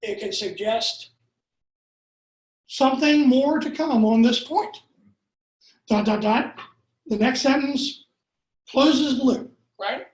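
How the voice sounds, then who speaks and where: Jokey lecturing man with a high voice. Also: takes it slowly, long pauses, reverberant, low-quality recording. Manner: jokey, wandering asides, rhetorical questions. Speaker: copywriting workshop instructor. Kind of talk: live lecture to an audience.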